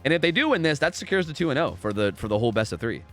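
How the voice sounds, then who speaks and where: A man's voice: a little high, big pitch swings, racing, a bit bright, faint music behind. A young man casually commentating a game live on stream, rambling, repeating himself and swearing freely.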